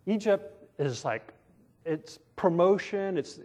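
A man's voice: mid-range voice, normal speed, darkish tone. A man preaching a conversational sermon in a casual tone, often asking his listeners questions and calling himself sarcastic. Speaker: pastor.

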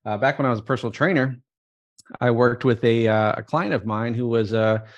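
A man who is an entrepreneur, speaking as a podcast guest in a relaxed way with many fillers. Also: medium pitch, highs cut off. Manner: rapid, filler-heavy, relaxed. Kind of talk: casual interview talk.

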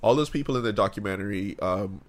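A man's voice: on the low side, quick pace. A man from the Bahamas, co-hosting a casual chat, blunt and profane in argument.

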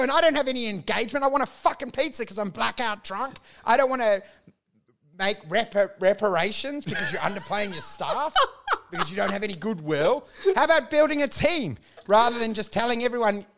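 High-voiced Australian man, profane and animated. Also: fairly quick. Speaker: stand-up comedian. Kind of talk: casual podcast chat.

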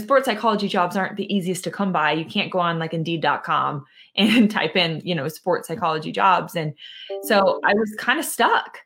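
A woman in her thirties, a mental conditioning coach and podcast guest, telling a personal story in a lively way with many fillers. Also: mid-range voice.

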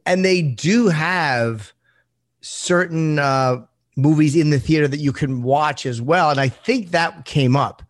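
A man's voice: a little high, slow pace. A man co-hosting a casual chat, joking and easygoing. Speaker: podcast co-host.

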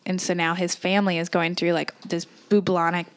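A woman's voice: on the low side, little pitch movement, moderate pace, smooth. A woman co-hosting a casual podcast, talking bluntly and swearing freely, getting heated when she rants. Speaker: podcast co-host. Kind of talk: casual chat.

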